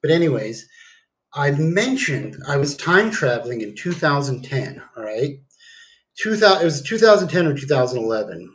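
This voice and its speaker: A man's voice: a little high, very animated, normal speed. Rambling, swearing man on a livestream. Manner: rambling, profane, meandering with fillers. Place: at home.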